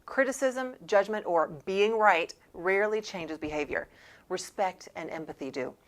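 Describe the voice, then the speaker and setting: A woman coaching salespeople in a scripted training talk. Her delivery is emphatic and punchy, and her pitch sits in a middle range for a woman. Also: moderate pace. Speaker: sales trainer and show host.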